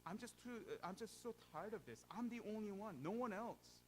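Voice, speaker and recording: A man voicing a weary, self-pitying prophet who whines and complains in a raised, loud voice. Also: sits high, animated, fairly quick, slight background noise, voice pushed up, rough recording. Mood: whining.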